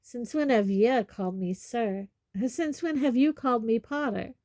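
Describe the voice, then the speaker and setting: Lady doing a big gruff growly gamekeeper guy, loud and grumpy, storybook reading, dark dry voice. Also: fairly high pitch, animated, a little slow, no room sound, voice pushed up.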